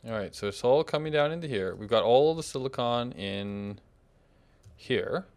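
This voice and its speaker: A man's voice: medium pitch, animated, moderate pace, a little mellow. A man hosting a multiplayer gameplay session, chatting casually and thinking aloud as he sorts out game systems. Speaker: gameplay host.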